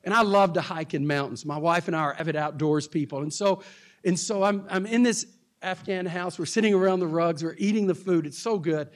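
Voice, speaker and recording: A man's voice: high voice, fairly quick. A man from Texas, a pastor, telling a story, laughing often and acting out the other people in it. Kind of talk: storytelling talk.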